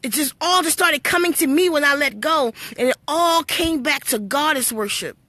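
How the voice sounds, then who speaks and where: A woman's voice: high-pitched, normal speed, pushed and bright, dry recording. A woman telling her spiritual story to live-stream viewers, blunt and full of swearing, preachy and storytelling. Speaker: livestream host.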